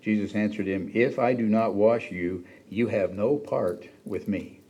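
Mellow-voiced, husky male preacher. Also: a little slow. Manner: conversational, acts out quoted lines with raised pitch. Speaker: pastor. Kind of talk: sermon.

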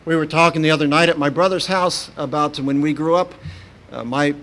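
A man's voice: a little high, steady tone, a little fast, a bit bright. A man from preaching a sermon in a folksy, anecdotal way, with many "uh" fillers. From Kentucky, USA.

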